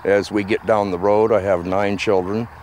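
A man's voice: on the low side, level tone, moderate pace, darkish tone, a little hiss or hum. A middle-aged man giving a candid documentary interview in a blunt, matter-of-fact way.

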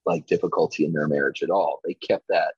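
A man's voice: rumbling low, steady tone, brisk, a little mellow, slightly rough, dry recording, muffled recording. A man from Virginia in his forties, a podcast guest telling stories in a laid-back way, full of "like" and "you know". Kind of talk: casual chat.

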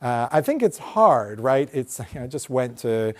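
A man speaking as a lecturing rabbi at an ordinary pitch. He talks to a live audience in a relaxed, searching way, circling back and restarting as he works through his ideas. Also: unhurried. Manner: thoughtful, hedging, many fillers and restarts. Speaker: rabbi giving a memorial lecture. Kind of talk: conversational lecture answer. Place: lecture room with in-person audience.

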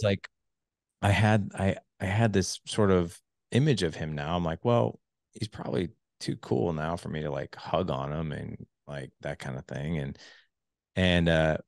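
Deep-voiced man hosting a podcast. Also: dry recording, studio quality. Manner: animated storyteller, many fillers, voice jumps high when quoting. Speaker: podcast host. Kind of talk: casual podcast interview.

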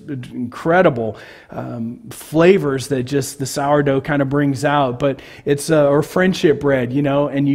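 A man's voice: medium pitch, a little mellow. A man from California preaching a sermon as pastor, talking conversationally and asking the congregation questions.

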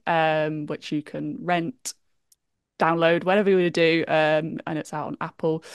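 A woman's voice: fairly low pitch, a little mellow, no room sound, clean studio sound. A woman hosting an interview, asking questions in a friendly, encouraging way. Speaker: interviewer host.

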